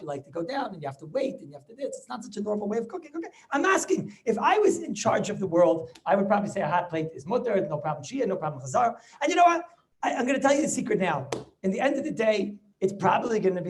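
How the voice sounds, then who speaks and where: A high-pitched man, a rabbi, leads a lively Talmud class over a video call. He teaches with animation, repeating words and posing rhetorical questions throughout this spirited Torah lesson.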